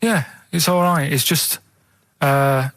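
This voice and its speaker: A man with a Mancunian accent chatting on a radio show, rambling through deadpan, matter-of-fact complaints. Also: fairly high pitch, slow pace, no echo. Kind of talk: casual radio chat. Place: radio studio. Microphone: studio microphone.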